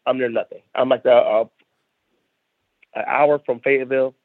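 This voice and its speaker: A South Carolina man, a stand-up comedian appearing as a guest, chats casually and emphatically on a podcast, repeating phrases as he rants. His voice is medium-pitched with fairly even intonation and a moderate pace. The recording is dry and tinny, like a phone, with no echo.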